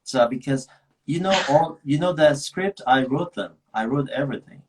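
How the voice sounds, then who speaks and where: A man's voice: mid-range voice, moderate pace, breathy edge, rough recording. A man from Nigeria, an actor being interviewed over a video call, talking casually and rambling with many restarts and laughs. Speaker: actor guest.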